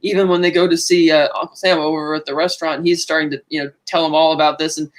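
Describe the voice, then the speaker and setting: A man casually talking through a movie with his co-hosts, chatty and quick to laugh. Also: on the high side, flat delivery. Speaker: podcast co-host.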